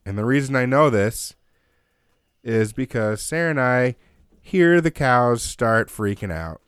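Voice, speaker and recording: A man telling a long story in casual chat, animated and swearing constantly. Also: mid-range voice, unhurried, clean tone, dry recording, studio quality.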